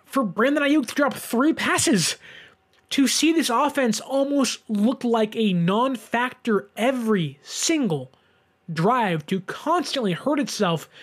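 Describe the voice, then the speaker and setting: Male sports host in his twenties, deliberate unhurried delivery, emphatic rant. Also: high voice. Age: 20s. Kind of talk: solo sports commentary.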